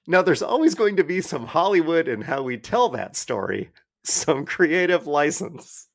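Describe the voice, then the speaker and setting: A man co-hosting a podcast, ranting in an exasperated, animated way during casual chat. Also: a little high, a little slow. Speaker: podcast co-host.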